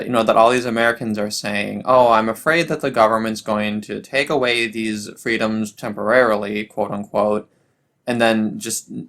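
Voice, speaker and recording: Young guy ranting about politics, sarcastic, keeps restarting, middle pitch. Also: fairly bright tone. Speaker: political commentary host. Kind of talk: solo political commentary.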